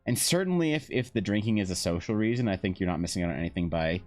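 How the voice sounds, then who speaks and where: Low-voiced, profane, rambling streamer guy. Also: animated, fast talker, darkish tone, soft background music. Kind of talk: casual chat with viewers. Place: home.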